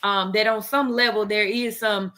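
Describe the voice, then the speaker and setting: A woman's voice: medium pitch, fairly even intonation, normal speed, pushed and bright. A woman speaking earnestly on a radio talk panel, rambling with many fillers as she explains her views. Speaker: panelist, runs a charity dress program.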